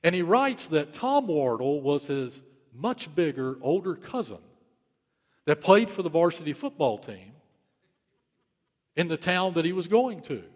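A man's voice: fairly high pitch, big pitch swings, a little slow, in a large hall. A man preaching a sermon, telling a story in an urgent, emphatic way and repeating key phrases. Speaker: pastor.

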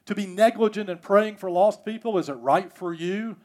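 Pastor guy preaching a sermon, high voice, goes loud then real quiet. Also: moderate pace. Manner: emphatic, swings between loud and hushed. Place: church, service also streamed.

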